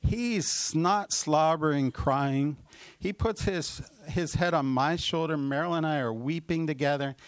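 A middle-aged man, a pastor, telling a personal story in a sermon, with loud emotional peaks and quick asides. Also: a little high, smooth. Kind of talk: sermon testimony.

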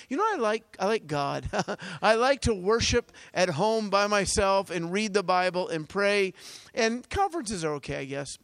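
A man preaching a testimony sermon, telling stories with energy, laughing often and swinging from loud bursts to hushed asides. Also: high-pitched, dry recording. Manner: energetic storytelling with frequent laughs.

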